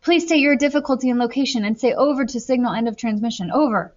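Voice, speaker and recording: A woman reading the lines of a calm adult male radio operator in an audiobook, speaking in clipped radio procedure. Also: a little high, fast, dull audio, pitched above the performer's own voice, lightly acted. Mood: crisp, urgent.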